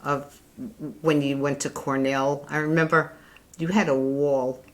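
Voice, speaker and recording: A woman's voice: sits low, flat delivery, measured pace. An older woman, chatting casually as a mother telling family stories, often laughing. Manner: warm, chatty storyteller who laughs often. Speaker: mother being interviewed.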